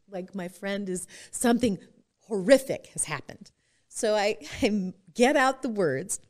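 A middle-aged woman from Utah, a podcast guest telling her personal story in an expressive way and laughing often. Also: mid-range voice, unhurried.

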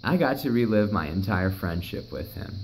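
A man's voice: lowish voice, expressive, moderate pace, a little hiss or hum, low-quality recording. A young man recounting a personal story in a rambling, emotional way, swearing often. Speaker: vlogger.

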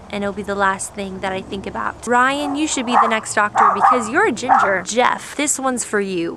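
A young woman vlogger chatting in a bubbly, rushed way to her viewers. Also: medium pitch, noisy background. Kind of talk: casual vlog chat.

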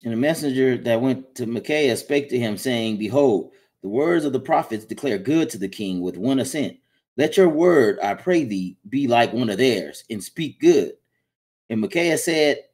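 A man reading Bible passages aloud in a plain, steady way, with small slips. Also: mid-range voice, moderate pace. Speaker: scripture reader.

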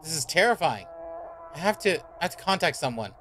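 This man's voice sits a touch high for a guy. He gives loose, casual horror game commentary, reacting jumpily, swearing freely and repeating his worries aloud. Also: very animated, fairly quick, a bit bright, soft background music. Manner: jumpy, reactive and profane, with repeated worried remarks. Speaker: streamer.

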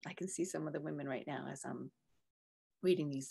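A middle-aged woman coach and mentor in an earnest, casual video talk, telling a story with soft whispered asides. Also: low-pitched, normal speed, gravelly, husky. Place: home room with green screen.

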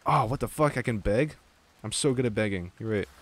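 A young man streaming an online game with viewers, chatting casually, swearing freely and getting excited. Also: on the low side, a little fast. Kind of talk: casual gaming chat.

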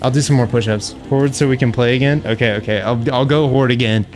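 A man's voice: mid-range voice, fairly even intonation, quick pace, darkish tone. A young man streaming a game live, chatting with viewers, laughing, venting frustration and swearing. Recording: faint music behind.

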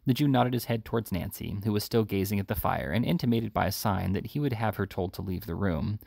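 A man reading a classic novel aloud in a steady, plain storytelling manner. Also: fairly low pitch, a little fast, creaky, slightly rough, no room sound, studio quality. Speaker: reader.

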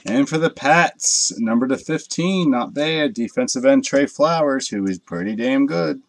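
A man's voice: mid-range voice, animated, measured pace, no room sound. A man hosting a live card break, chatting casually with viewers and swearing freely as he opens packs late at night. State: tired from a long night.

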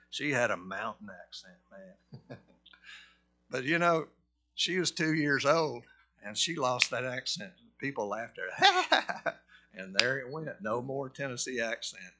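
A middle-aged pastor from Georgia with a Southern accent, preaching a conversational sermon that rises to forceful emphasis. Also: male voice, mid-range voice. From Georgia, USA.

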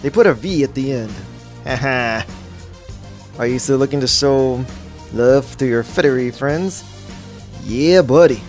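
A man's voice: medium pitch, a little slow, long pauses, a little mellow, faint music behind. A man giving casual, jokey gameplay commentary as a gaming YouTuber, rambling and easily sidetracked.

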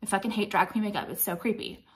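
This late-thirties beauty vlogger speaks quickly in a steady tone at a typical middle pitch, cursing freely and rambling bluntly as she chats through her makeup. She's slightly winded throughout.

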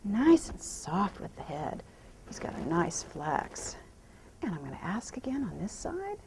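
A woman horse trainer talking out loud while she rides, softly praising the horse and explaining each step. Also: medium pitch, big pitch swings, measured pace, slight background noise, low-quality recording. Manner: soothing praise to the horse, mixed with quiet running explanation. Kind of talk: narrating while riding.

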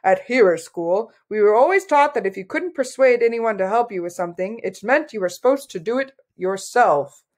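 A woman's voice: mid-range voice, animated, normal speed, hardly any pauses, a little mellow, close to an everyday voice. A woman voicing a polite, earnest young prince who speaks hesitantly. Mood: diffident. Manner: hesitant and diffident.

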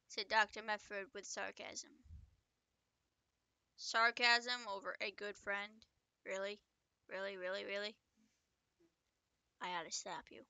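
Chatty woman reading her own story, bright smooth voice, dry close mic. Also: medium pitch, takes it slowly, pauses often, no room sound. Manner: chatty, breaks off to joke and comment. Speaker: author reading own book. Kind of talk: casual story reading with asides.

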